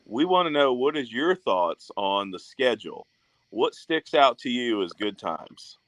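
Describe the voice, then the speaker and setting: A man's voice: mid-range voice, big pitch swings, a little slow, a bit bright, dry recording, poor audio. A man hosting a live fishing stream, trading profane, joking banter with guests. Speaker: stream host. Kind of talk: casual stream chat.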